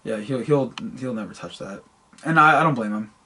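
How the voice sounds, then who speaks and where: A man's voice: medium pitch, fairly quick, pushed and bright, breathy edge. A man co-hosting a casual podcast, telling stories and often stammering and repeating his words. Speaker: podcast co-host. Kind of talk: casual storytelling chat.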